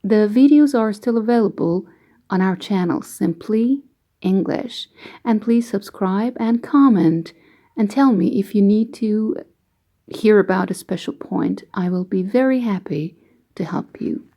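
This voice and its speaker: A woman explaining English grammar rules slowly and patiently, giving example sentences as an online teacher. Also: medium pitch, mellow. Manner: slow, careful, patient explaining.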